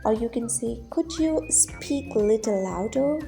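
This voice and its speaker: Lively woman with a gravelly tone. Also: fairly high pitch, a little slow, soft background music. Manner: explains step by step with example sentences. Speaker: English teacher. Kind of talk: online grammar lesson.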